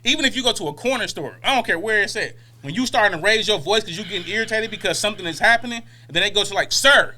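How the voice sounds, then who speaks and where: A man co-hosting a casual comedy podcast, animated and laughing, acting out quotes. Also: high voice, fast, few pauses. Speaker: podcast co-host.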